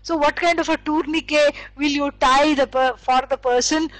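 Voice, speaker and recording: High-voiced woman teaching scripture. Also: steady tone, normal speed, no room sound, low-quality recording. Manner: explanatory, storytelling with acted quotes, many fillers. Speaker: spiritual teacher. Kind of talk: scripture lecture.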